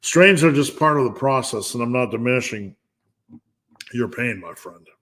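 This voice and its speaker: This strength coach's voice is medium-pitched and a bit bright, with lively intonation at a normal speed. Hosting a live stream, the middle-aged man reads viewer questions aloud and fires back blunt, joking lifting advice, with plenty of restarts.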